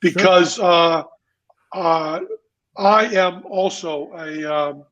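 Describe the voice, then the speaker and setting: A man with a fairly high voice tells stories as a guest on a podcast. He talks in an emphatic, theatrical way and swears for effect. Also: fairly even intonation, extremely slow, a bit bright, muffled recording. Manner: emphatic, profane, theatrical storytelling. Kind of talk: casual storytelling chat.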